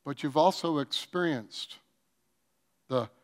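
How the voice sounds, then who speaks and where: A man preaching with a voice that sits somewhat high for a man. He takes his time, unhurried, acting out little scenes with sudden loud bursts before dropping into soft, earnest appeals. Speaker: pastor. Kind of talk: sermon.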